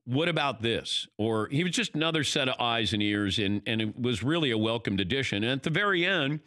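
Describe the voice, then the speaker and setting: Lively older man, animated storyteller. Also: mid-range voice, brisk, no echo, studio quality. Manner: animated storytelling, acting out quoted lines. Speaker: host. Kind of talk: casual chat.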